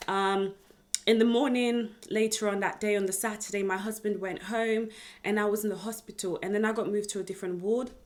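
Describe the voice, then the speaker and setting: Woman in her 20s with a British accent, casual storytelling vlogger who is expressive and talks straight to camera. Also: mid-range voice, a little fast. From United Kingdom. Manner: chatty, expressive, speaks straight to viewers. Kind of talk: personal storytelling vlog.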